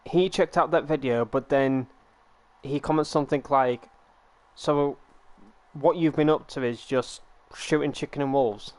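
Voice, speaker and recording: Smooth-voiced man chatting on a stream. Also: medium pitch, darkish tone, dry recording. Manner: storytelling, quick and playful. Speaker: streamer host. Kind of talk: casual live stream chat.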